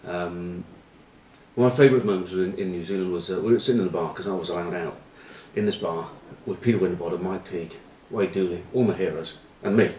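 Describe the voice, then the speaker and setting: Deep-voiced man rambling through rugby stories. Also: quick pace, mellow, a little hiss or hum. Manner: rambling storyteller, full of ums and uhs, dry banter. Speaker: rugby pundit, former player. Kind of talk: casual rambling rugby chat with anecdotes. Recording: roomy, from a distant mic.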